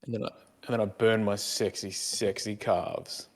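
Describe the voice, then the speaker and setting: A man's voice: fairly low pitch, little pitch movement, fast. A middle-aged man co-hosting a podcast, rambling and joking with many stumbling restarts. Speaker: podcast co-host. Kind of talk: casual chat.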